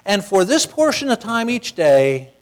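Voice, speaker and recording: A man preaching a sermon in a folksy, conversational way, swinging from loud, shouted passages down to a near whisper. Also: high voice, sing-song, a little slow.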